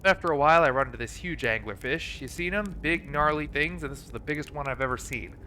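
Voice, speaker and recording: A man's voice: a little high, fast, pushed and bright, a little hiss or hum. A man reading a wry, folksy stranded alien pilot. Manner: folksy, dry humor, read aloud from on-screen dialogue. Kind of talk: reading game dialogue aloud.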